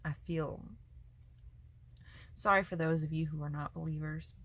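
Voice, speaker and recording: A woman's voice: deep voice, fairly even intonation, normal speed, fairly bright tone. A woman vlogger giving an earnest, emotional personal faith testimony, speaking in a tender, confiding way. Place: front porch at home.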